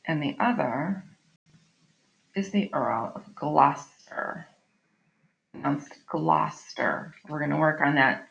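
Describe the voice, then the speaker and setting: A woman's voice: low voice, animated, takes it slowly, gravelly, pauses often. A middle-aged woman teacher giving a recorded online literature lesson, explaining in a chatty way and often checking in with "right?". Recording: slightly dull lo-fi audio.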